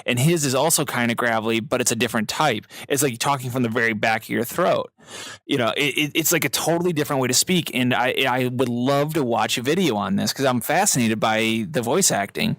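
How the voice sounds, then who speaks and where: A man co-hosting a casual podcast, excitable and quick to laugh. His voice sits in the middle of the range for a man. The sound is dry and close, with no room echo. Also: mid-range voice. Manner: excitable, laughs often, breaks into quick voice impressions. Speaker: podcast co-host. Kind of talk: casual chat.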